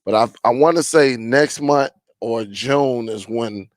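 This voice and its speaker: A man hosting a casual live stream chat, greeting viewers and reading their comments aloud in a relaxed, rambling way with many fillers. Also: medium pitch, a little slow, no echo.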